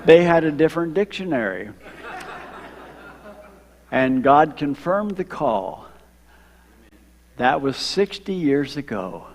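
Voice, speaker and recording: An older man from Ohio, a retired missionary, telling his story to a church congregation, slowing down for emphasis and drawing in the children. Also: fairly high pitch. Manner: storytelling, slows for emphasis, engages kids. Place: church sanctuary. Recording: long hall reverb.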